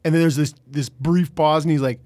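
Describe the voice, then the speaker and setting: A man's voice: on the high side, steady tone, brisk, a little mellow, dry recording, clean studio sound. A man co-hosting a sports podcast, chatting casually and retelling stories by quoting others. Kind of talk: casual hockey chat.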